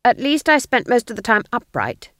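A woman's voice: a little high, normal speed, no echo, studio quality, pitched above the performer's own voice. Granny Weatherwax, a woman doing a stern old witch. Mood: scornful. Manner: flat, clipped and cutting.

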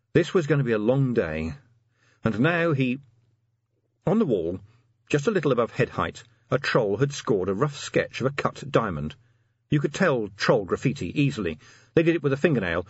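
A man's voice: fairly low pitch, slightly rough, no echo, lo-fi sound. A man narrating an audiobook expressively, giving each character a voice.

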